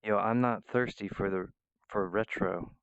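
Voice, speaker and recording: A man's voice: on the low side, steady tone, unhurried, clear, resonant tone, no room sound, lo-fi sound. A man rambling through a profane, meandering monologue, often breaking off mid-phrase. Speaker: vlogger.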